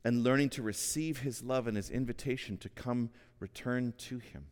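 A man's voice: mid-range voice, moderate pace, a little mellow, clear, resonant tone. A man in his forties preaching a sermon in a church hall, earnest and conversational, often repeating a word as he starts a phrase. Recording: long reverb of a hall.

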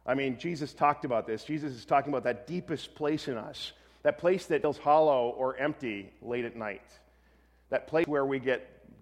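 A pastor giving a sermon in a relaxed, conversational way, often correcting himself and adding light humor. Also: male voice, mid-range voice, in a large hall.

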